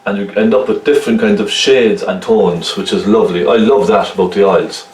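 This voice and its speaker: Man, Cork Irish accent, low-pitched, chatty painting teacher, roomy distant sound. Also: a little fast, a little mellow, slight background noise. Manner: chatty, checks in with viewers. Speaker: painting instructor. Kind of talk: casual painting tutorial.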